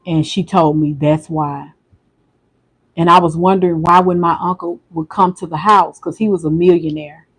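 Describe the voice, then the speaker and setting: A man with a fairly high voice talks on his livestream in a quiet, halting way. He restarts and repeats his words often, like a personal monologue. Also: fairly even intonation, slightly rough, poor audio. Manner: soft-spoken, halting, repeats himself. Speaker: livestream host.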